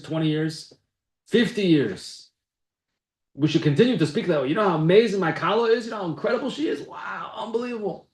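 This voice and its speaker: A man's voice: medium pitch, reverberant. A man teaching a Torah class in a conversational way, reading Hebrew phrases and then explaining them in English. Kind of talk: text-based Torah class.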